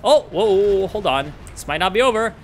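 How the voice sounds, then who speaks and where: A man casting a strategy game in casual, excitable commentary, swearing and ranting at the players. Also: high-pitched, brisk, a little hiss or hum. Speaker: game caster.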